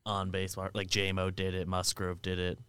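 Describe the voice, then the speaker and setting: A man's voice: sits low, completely flat delivery, fairly quick, a bit bright, clean tone, no echo. A man co-hosting a podcast, chiming in chattily during a casual sports chat. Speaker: podcast co-host.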